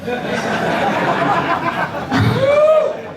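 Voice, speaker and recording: A man, a retired boxer, speaking in a deliberate, formal and emphatic way in conversation. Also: very high voice, wildly swooping pitch, background noise. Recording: echoey room, distant mic, crowd behind.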